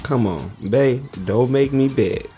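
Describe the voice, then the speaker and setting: A woman voicing a cocky young male college student with a husky, smooth-talking, coaxing manner. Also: very deep voice, slow pace, mellow, soft background music.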